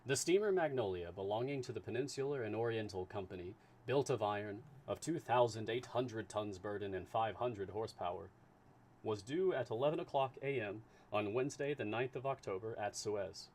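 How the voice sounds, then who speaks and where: A man narrating a classic novel in a steady, plain live reading. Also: on the low side, brisk. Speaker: storyteller.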